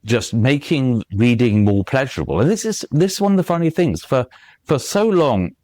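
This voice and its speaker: This guest author, heard in a podcast interview, has a mellow, medium-pitched, animated voice at normal speed with no echo. He explains things at length amid frequent fillers and restarts, reciting verse and tapping its rhythm.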